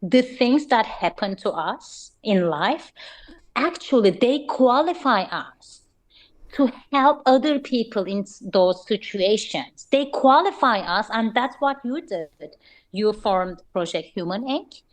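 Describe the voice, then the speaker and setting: A woman's voice: on the high side, animated, slow pace. Earnest woman. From Turkey. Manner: earnest, encouraging. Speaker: guest. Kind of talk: casual interview chat.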